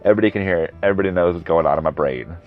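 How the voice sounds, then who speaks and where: Guy in his 30s rambling on his podcast, low voice, dull lo-fi sound w/ faint music behind. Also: racing. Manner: rambling, goes off on tangents, corrects himself. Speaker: podcast host. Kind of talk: casual solo podcast monologue. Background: background music.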